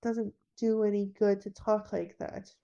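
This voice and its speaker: A woman's voice: medium pitch, little pitch movement, moderate pace, creaky, dark tone, highs cut off, lightly acted. A woman voicing a weary young male pilot who has accepted death, in a storybook reading. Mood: resigned.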